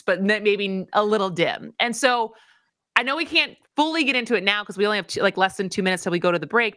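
A woman hosting a radio talk show, chatty, rushing her questions along and using lots of "like" fillers. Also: mid-range voice, fairly bright tone, no echo, clean studio sound. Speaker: radio host.

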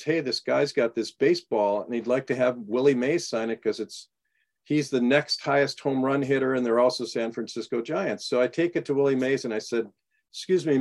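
Man telling lively anecdotes. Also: medium pitch. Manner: animated anecdotes, acts out quoted dialogue. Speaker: guest author. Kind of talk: storytelling in a radio interview.

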